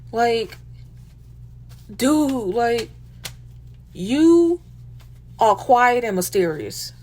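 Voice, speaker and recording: A woman's voice: on the high side, big pitch swings, extremely slow, darkish tone. Emphatic woman talking from the heart. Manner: emotional, emphatic, repeats lines, swears casually. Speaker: host. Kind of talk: heartfelt casual monologue.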